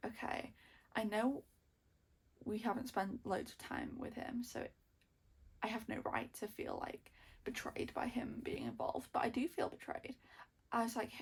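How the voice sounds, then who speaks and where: A young woman, chatting excitedly about books in a casual reading vlog, gushing and repeating herself. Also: fairly high pitch, gravelly, slightly rough. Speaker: book vlogger.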